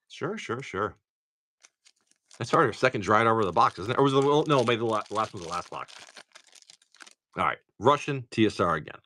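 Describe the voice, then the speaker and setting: Man, Massachusetts accent, bright voice, animated, casual live commentary, quick card call-outs, dry close sound. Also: medium pitch, no room sound. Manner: rattles off cards in quick lists, joking asides. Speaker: live stream card pack opener.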